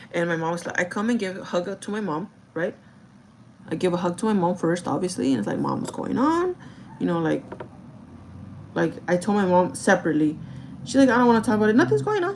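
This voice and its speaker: A woman's voice: on the low side, low-quality recording. Young woman, vlogger, casual storytime, rambling, filler-heavy, phone mic at home, faint background noise. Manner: rambling, filler-heavy, talks to viewers as "guys".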